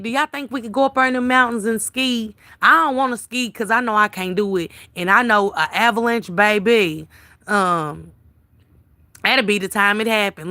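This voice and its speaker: A woman runs a casual livestream, reading comments aloud and answering viewers by name. Her voice is bright and forward. The sound is close and dry, with no room around it. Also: medium pitch, no room sound.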